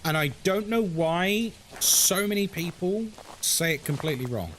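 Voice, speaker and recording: A man talks to his live viewers while playing a ghost-hunting game, his fairly high voice swinging widely in pitch. He chats, rants and swears freely. A faint hum of noise sits behind him. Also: lively intonation, moderate pace, a bit bright. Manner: chatty, ranting, swears and laughs often. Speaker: horror game streamer. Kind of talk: casual live-stream commentary.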